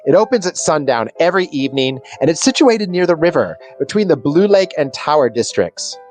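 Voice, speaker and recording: A man's voice: fairly high pitch, sing-song, a little fast, a little mellow, faint music behind. A young man narrating a tabletop game as game master, rambling with many fillers and restarts.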